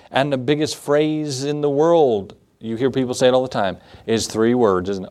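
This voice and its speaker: A man's voice: mid-range voice, moderate pace, few pauses, darkish tone. Man preaching a conversational sermon. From United States. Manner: conversational, with laughs and acted asides. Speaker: pastor.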